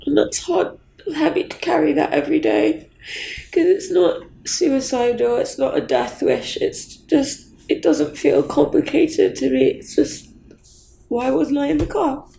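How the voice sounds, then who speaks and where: Grieving woman guest, high gravelly voice, halting, blunt, near tears. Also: mellow, echoey room, a little hiss or hum, poor audio. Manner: halting, raw, swears bluntly. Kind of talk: candid conversation.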